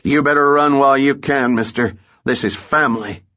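A man voicing a huge, grizzled lumberjack who talks bluntly and gruffly, in a muffled audiobook recording. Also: medium pitch, moderate pace, pushed and bright, pitched above the performer's own voice, close to an everyday voice.

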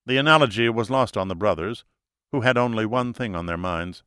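A man narrating a thriller audiobook in a measured, dramatic storytelling manner. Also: lowish voice, lively intonation, pushed and bright, clean tone, no room sound, studio quality.

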